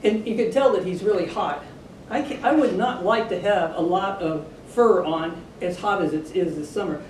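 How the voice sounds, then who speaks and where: A woman reads a picture book to children in a chatty, animated way, pausing to talk to her young listeners. She sounds a little far from the mic in a room that echoes, with a soft low rumble underneath. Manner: chatty, animated, adds asides to the kids. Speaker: storybook reader for children.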